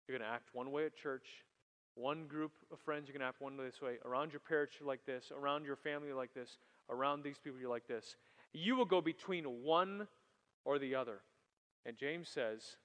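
A man preaching a sermon to young people, animated, swinging from loud emphasis to quiet asides. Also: mid-range voice, normal speed. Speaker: youth pastor. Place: church hall. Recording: long hall reverb.

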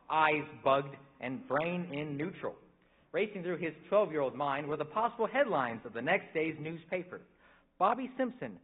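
Man narrator, scripted storytelling, playful timing, husky, thin phone-like sound. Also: a little high. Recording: tinny lo-fi recording.

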